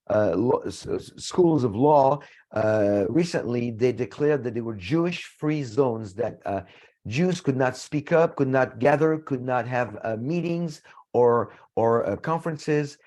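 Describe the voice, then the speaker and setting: A man giving an earnest lecture-style presentation with slides, talking in a halting way with frequent restarts and repeated words. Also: mid-range voice, darkish tone. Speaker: conference speaker presenting slides.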